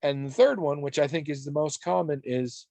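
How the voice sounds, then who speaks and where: A man's voice: a little high, normal speed, vocal fry, a little mellow, no echo. A man hosting a casual podcast, talking in a sarcastic, mock-grumpy way and swearing freely. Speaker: podcast host.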